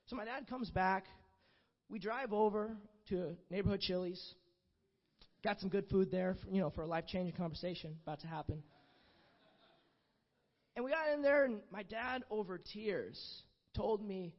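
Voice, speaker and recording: A man's voice: sits high, expressive, moderate pace. A young man giving an earnest, conversational sermon, telling a personal story with many "you know" asides. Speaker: preacher. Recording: dull, muffled sound with long hall reverb.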